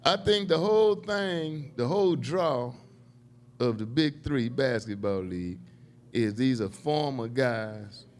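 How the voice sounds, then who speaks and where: A man's voice: mid-range voice, lively intonation, slow pace, a little hiss or hum. An older man hosting a podcast panel, talking in a loose, joking way and swearing freely. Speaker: podcast host. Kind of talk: casual panel chat.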